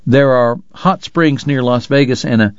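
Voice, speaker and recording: Slow, dramatic male audiobook narrator. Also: medium pitch, no echo, dull audio. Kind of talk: scripted narration.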